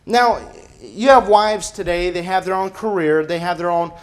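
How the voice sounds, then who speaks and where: High-voiced pastor preaching emphatically. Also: male voice, steady tone, moderate pace. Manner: emphatic, asks rhetorical questions. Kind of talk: sermon. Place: church.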